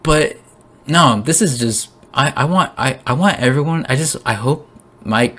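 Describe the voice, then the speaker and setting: A man's voice: medium pitch, a little slow, pushed and bright. Rambling, emotional young man. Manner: rambling, restarts, swears, laughs; emotional, voice jumps up. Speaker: conspiracy vlogger. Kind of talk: rambling excited monologue.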